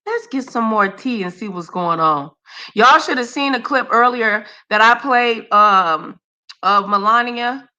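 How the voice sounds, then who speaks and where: A woman's voice: fairly high pitch, expressive, a little slow, pushed and bright, highs cut off. A woman hosting a casual live stream, chatty and slangy, greeting viewers by name. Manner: scolds her dogs mid-stream.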